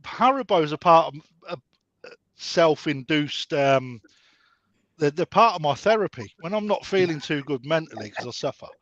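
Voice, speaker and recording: A man's voice: fairly high pitch, animated, normal speed, a bit bright, dry recording. Sweary man on a call. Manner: blunt, sweary, storytelling. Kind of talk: casual group chat. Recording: dull lo-fi call audio.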